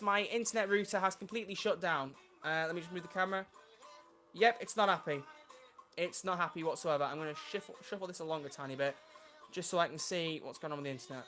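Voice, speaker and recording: Young man, livestreamer, chatty, bright voice, faint music behind. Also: sits high, quick pace. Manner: chatty, flustered by tech trouble. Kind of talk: casual livestream chat.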